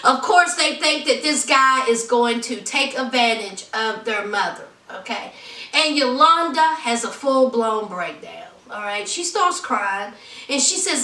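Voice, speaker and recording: Talking straight to her audience, this podcast host gives a chatty, sassy rundown of a reality show. Her voice sits a little high and sounds animated yet sharp, moving at a measured pace. She's recorded at a distance from the mic in a roomy space.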